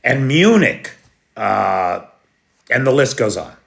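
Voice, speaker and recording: American man, live news commentator, slow deliberate pace, sarcastic, mid-pitched. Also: big pitch swings, gravelly, a bit bright. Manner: blunt, sarcastic, occasionally swearing; talks to live chat viewers. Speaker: livestream news host.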